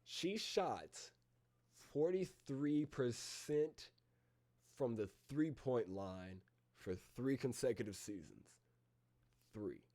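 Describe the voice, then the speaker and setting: This man hosts a laid-back live-stream reaction with a mid-range, mellow voice and lively intonation. Talking slangy and rambling, he addresses listeners as bro while working through a list of names, pausing on fillers.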